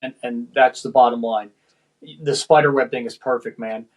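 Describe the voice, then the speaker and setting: A man's voice: medium pitch, steady tone, moderate pace, rough recording. A middle-aged man, a former firefighter lieutenant, tells a personal story as a podcast guest in a rambling, profane way, often tagging sentences with "man".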